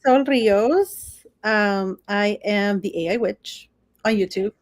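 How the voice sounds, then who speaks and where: A woman's voice: mid-range voice, no room sound, clean studio sound. A woman guest talking casually and emotionally about her work as a branding expert. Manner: effusive, emotional, quick asides. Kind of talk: casual interview chat.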